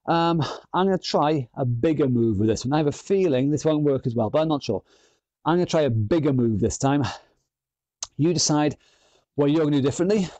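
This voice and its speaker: Upbeat fitness instructor, dry sound. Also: male voice, fairly high pitch, fairly quick, mellow, no echo. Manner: upbeat, encouraging, counting down rounds. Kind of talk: online workout class instruction.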